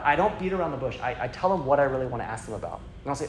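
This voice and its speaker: A man's voice: on the high side, animated, quick pace, a little mellow, slight background noise. A man giving a chatty teaching talk on sharing faith, full of fillers and acted-out quotes from a personal story. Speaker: youth evangelism speaker.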